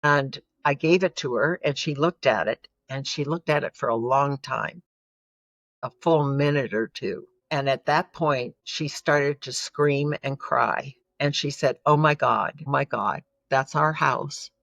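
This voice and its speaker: A woman's voice: extremely low pitch, unhurried, dry recording. A woman giving an earnest, emotional personal testimony as a guest in an interview. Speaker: podcast guest.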